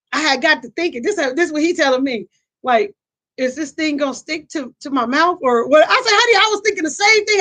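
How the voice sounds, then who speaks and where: A middle-aged woman with a high voice talks through a casual chat as host. She tells stories in a lively, animated way, acts out quotes and laughs often. She repeats herself and restarts phrases as she goes.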